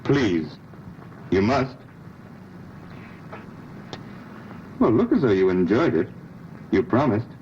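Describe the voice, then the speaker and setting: An actor playing a smooth, persuasive husband, a lawyer, with coaxing, urbane delivery in a 1930s film. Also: male voice, fairly low pitch, sing-song, measured pace, a little mellow, slight background noise. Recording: muffled early sound-film audio with music.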